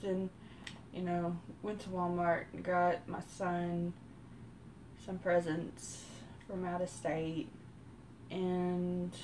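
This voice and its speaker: Texan lady chatting slow while doing her makeup, kinda low voice, lots of pauses. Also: warm tone, a little hiss or hum. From Texas. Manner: slow rambling delivery with many pauses. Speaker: live streamer. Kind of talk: casual storytelling during a makeup routine.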